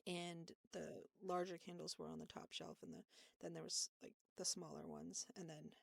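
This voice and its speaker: Podcast cohost lady, low gravelly voice, rambly and laughy, dry sound. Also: fairly even intonation, moderate pace, no room sound. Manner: rambling with frequent laughs and fillers. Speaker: podcast co-host. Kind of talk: casual storytelling chat.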